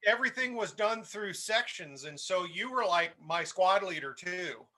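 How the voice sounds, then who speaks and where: Bright-voiced animated male storyteller. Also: high-pitched, normal speed. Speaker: host. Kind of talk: casual storytelling chat.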